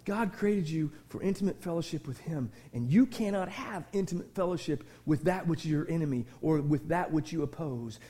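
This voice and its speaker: Middle-aged male pastor, very high voice, fervent sermon delivery, shouts then drops to near-whisper, repeats words for emphasis. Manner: impassioned preaching, swinging from shouts to hushed tones; repeats and restarts words in fervor.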